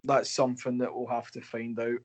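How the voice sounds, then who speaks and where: A male hockey coach chatting as a podcast guest, mid-pitched and easygoing. He answers questions loosely and turns them into self-deprecating jokes. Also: monotone, a little fast, lo-fi sound. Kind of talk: casual podcast interview.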